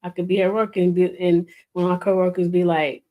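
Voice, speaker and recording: A woman's voice: fairly low pitch, flat delivery, fairly quick, warm tone. A woman co-hosting a podcast with a New York accent touched by Southern speech, laid-back with wry comebacks. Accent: New York with some Southern. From New York and Alabama. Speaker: podcast co-host. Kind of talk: casual chat.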